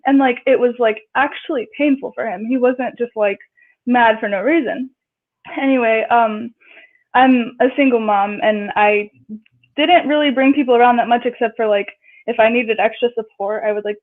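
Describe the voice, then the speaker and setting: A woman guest telling a personal story in casual chat, acting out what people said in raised voices. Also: fairly high pitch. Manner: chatty, acts out quotes in raised voices. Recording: tinny phone-line audio.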